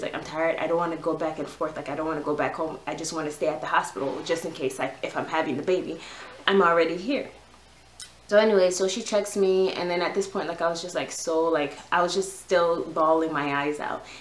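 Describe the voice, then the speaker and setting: A woman's voice: on the low side, reverberant, a little hiss or hum, low-quality recording. A young woman vlogger telling a long personal story in a chatty, casual way, full of "like" and "yo". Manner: chatty, lots of "like" and "yo".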